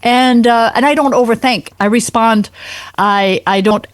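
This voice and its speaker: A woman's voice: on the high side, a little slow, no room sound. A woman guest photographer talking reflectively and earnestly in a casual interview. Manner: reflective and earnest, with light laughs.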